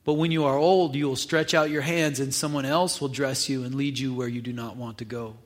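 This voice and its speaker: A man's voice: medium pitch, steady tone, brisk. A man preaching a sermon, retelling a scripture reading in a casual, conversational way with acted asides. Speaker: pastor.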